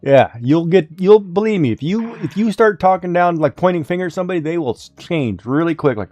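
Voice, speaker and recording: A man's voice: sits high, expressive, a little fast, few pauses, a little mellow, no room sound, faint music behind. A man chatting casually and teasingly, coaching his co-host on how to sound stern. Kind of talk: casual chat.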